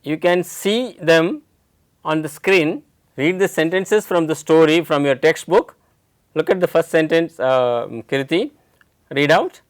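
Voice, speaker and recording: A man's voice: on the high side, measured pace, dry recording. Man, Indian English accent, teacher, questioning, explaining step by step, dry close sound. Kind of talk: English lesson with a student.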